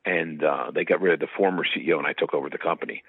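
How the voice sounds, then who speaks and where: A man's voice: rumbling low, very fast, vocal fry, slightly rough, no room sound. A man guest in an interview, chatting through long rambling anecdotes with fillers, heard on slightly muffled audio. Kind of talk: casual storytelling.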